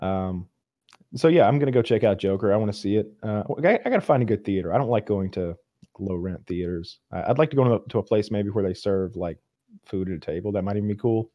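A man's voice: fairly low pitch, fast, dry recording, muffled recording. A man chatting casually on a podcast, rambling and repeating words, acting out quotes. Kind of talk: casual chat.

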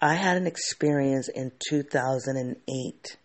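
A man's voice: medium pitch, a little slow. A man telling a candid personal story to camera, reflective and often restarting his sentences.

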